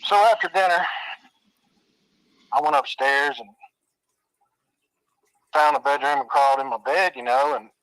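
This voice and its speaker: A man's voice: a little high, lively intonation, unhurried, vocal fry, pauses often, a bit bright, no echo, low-quality recording. A man telling a spooky childhood story in a casual, drawling way, swearing and making sound effects. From Arkansas.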